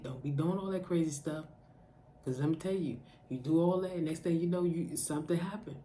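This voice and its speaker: Woman preaching in a mellow voice. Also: deep voice, slight background noise. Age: adult mother. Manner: preaching directly to the listener, repetitive urging. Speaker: faith vlogger giving encouragement. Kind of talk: impassioned spoken exhortation.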